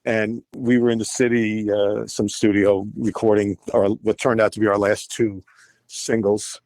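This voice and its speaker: A man's voice: fairly low pitch, measured pace, no echo. Older man telling stories animatedly. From United States. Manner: animated, acts out quoted voices. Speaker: guest musician. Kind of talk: storytelling interview.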